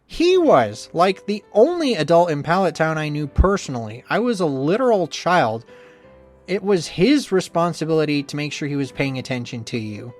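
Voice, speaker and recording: Brief: visual novel player voice, exasperated and defensive, jumpy lively pitch, faint music behind. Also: normal speed. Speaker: let's-play narrator and player character.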